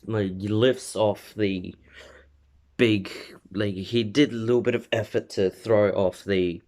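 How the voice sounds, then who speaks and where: A man with a somewhat low voice casually spins out a fan-made story. He rambles, circles back and corrects himself mid-sentence, stringing events together loosely. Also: fairly even intonation, slow pace, a little mellow. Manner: rambling, many fillers and self-corrections. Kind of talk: casual fan-fiction retelling.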